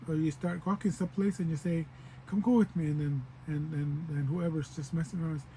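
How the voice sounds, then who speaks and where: Guy teaching words, kinda high mellow voice, says stuff over and over slow so you get it. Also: fairly even intonation, slight background noise, poor audio. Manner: patient, repeats words slowly to show pronunciation. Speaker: language teacher. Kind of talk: casual spoken lesson.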